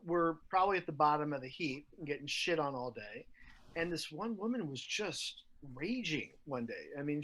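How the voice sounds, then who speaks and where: A man co-hosting a podcast, telling a workplace story in casual chat, swearing and acting out voices. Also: on the high side. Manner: profane, animated storyteller. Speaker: podcast co-host.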